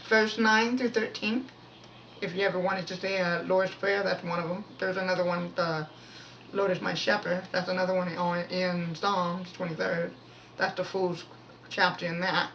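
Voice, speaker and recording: A woman's voice: lowish voice, fairly even intonation, moderate pace. A woman gives a loose, rambling devotional talk and prays aloud, restarting sentences and raising her voice. She sits some way back from the mic, and a faint hiss runs under her. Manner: rambling, many restarts, pushes to speak loud. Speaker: devotional video speaker. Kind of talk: casual devotional talk with prayer. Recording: voice from far off the mic, faint noise.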